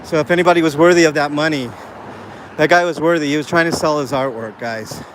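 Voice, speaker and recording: A man's voice: on the high side, quick pace, a bit bright. A man talking to his live chat as he walks down a city street, rambling earnestly with lots of fillers. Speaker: live streamer. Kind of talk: walking live stream vlog. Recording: faint street noise outdoors. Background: street and traffic sounds.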